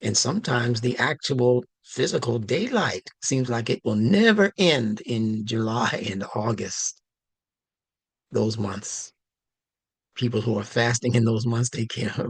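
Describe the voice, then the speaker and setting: A male instructor giving a slow, emphatic religious language lesson, stressing key words. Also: mid-range voice, slightly rough, dry recording. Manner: slow, deliberate, emphatic teaching.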